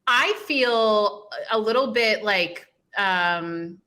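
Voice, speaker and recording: A woman appearing as a guest on a sports talk show, chatty and quick to laugh. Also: mid-range voice, pushed and bright.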